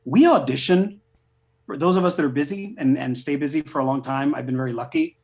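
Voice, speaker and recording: Middle-aged male voice actor as guest, chatty storyteller, animated and profane. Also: a little high, brisk. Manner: chatty, animated, swears freely. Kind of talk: casual storytelling interview.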